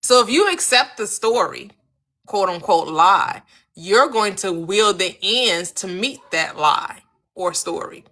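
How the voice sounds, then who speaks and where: Animated woman host talking straight to her chat on a live stream, bright and lively, acts out little scenes. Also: mid-range voice, takes it slowly. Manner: animated, repeats questions for emphasis, acts out quotes; addresses viewers by name. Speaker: manifestation coach and host.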